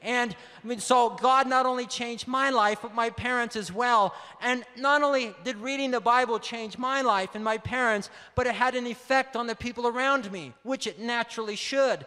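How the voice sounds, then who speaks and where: A man's voice: extremely high pitch, normal speed, few pauses, pushed and bright, clean tone. A man in his thirties giving an earnest, emphatic testimony sermon and calling out to his audience. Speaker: preacher. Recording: long hall reverb.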